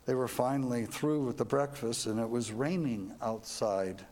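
A man's voice: medium pitch, normal speed, darkish tone. A man telling a devotional story as a sermon, earnest and reflective, ending with questions to his listeners. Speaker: preacher.

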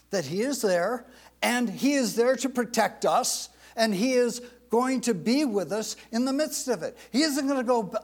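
A man preaching a sermon, reading scripture aloud and repeating phrases for emphasis. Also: very high voice. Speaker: pastor.

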